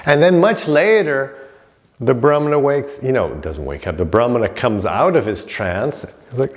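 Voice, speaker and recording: In a recorded class on yoga scripture, a man speaks at normal speed in a mid-range voice with lively intonation. The lecture is informal and conversational; he acts out stories and uses plenty of "you know"s.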